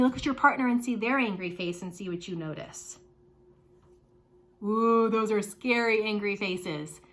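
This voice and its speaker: A woman teaching a lesson to young children, animated and sing-song, with playful exclamations. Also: a little high.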